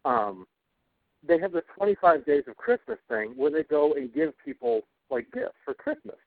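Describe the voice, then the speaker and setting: A man's voice: fairly high pitch, sing-song, moderate pace, no echo. A man co-hosting a casual talk show, ranting about television with heavy swearing. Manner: ranting, profane, cranky. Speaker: podcast co-host. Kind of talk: casual chat. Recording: tinny phone-like audio, dry.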